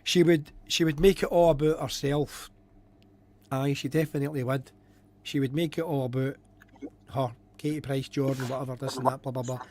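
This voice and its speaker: A man's voice: mid-range voice, fairly even intonation, moderate pace, a little mellow, a little hiss or hum. A man co-hosting a live stream, chatting casually, repeating himself and reading out viewer comments. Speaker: podcast co-host.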